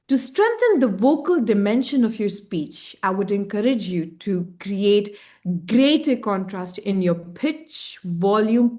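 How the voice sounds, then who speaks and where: Slow, measured woman giving speech feedback. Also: on the high side, darkish tone. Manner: measured, deliberate, encouraging feedback with rhetorical emphasis. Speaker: speech evaluator. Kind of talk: speech evaluation at an online club meeting.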